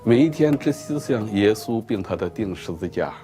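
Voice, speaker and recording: A man from China giving a religious testimony in an interview, telling his story in an earnest, measured way. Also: lowish voice, lively intonation, dark tone. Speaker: interviewee, Christian preacher.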